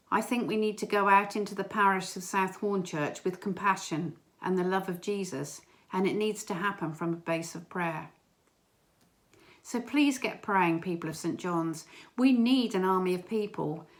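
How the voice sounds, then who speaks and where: A woman giving an informal church talk, earnest and gentle, with small hesitations. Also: medium pitch. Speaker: church member sharing a prayer message.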